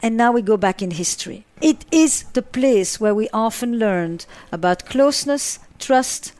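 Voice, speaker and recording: A woman's voice: a little high, animated, unhurried, darkish tone, no room sound. A woman therapist answering interview questions, stressing points by repeating and listing words. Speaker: relationship therapist.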